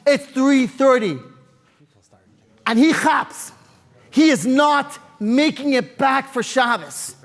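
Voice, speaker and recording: A man telling a story in a lively, sing-song way, acting out the scenes. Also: extremely high pitch, slow, pauses often, in a large hall. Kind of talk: animated oral storytelling.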